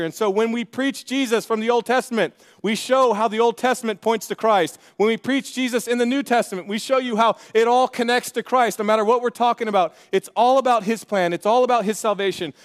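A man preaching a sermon in an energetic, conversational way, with joking asides to the congregation. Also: sits high. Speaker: pastor. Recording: long reverb of a large hall.

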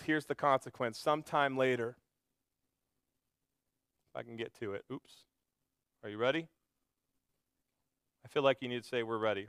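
A man preaching a sermon, retelling a story dramatically and swinging between loud emphasis and hushed intensity. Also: on the high side, clean tone, no room sound. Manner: storytelling preacher, acting out quoted voices. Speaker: pastor.

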